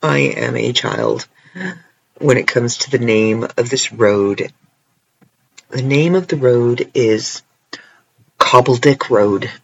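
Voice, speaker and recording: A man's voice: mid-range voice, slow pace, creaky, long pauses, slightly rough, dull audio. A Canadian man chatting casually and playfully on his own in a rambling vlog, tired at night. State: tired, stretching sore legs. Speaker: vlogger. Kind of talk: casual solo chat. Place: indoors, alone at night.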